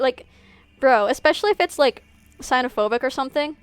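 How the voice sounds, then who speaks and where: High-voiced young woman streamer. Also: lively intonation, moderate pace, smooth, no room sound. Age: young adult. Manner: rambling, fillers of "like". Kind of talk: casual gameplay chat.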